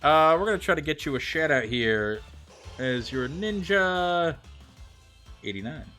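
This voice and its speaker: An American man streaming a game live speaks in a fairly high, expressive voice, unhurried, bright and forceful, with faint music behind him. He chats casually with viewers, thinking aloud and reading their messages out before replying.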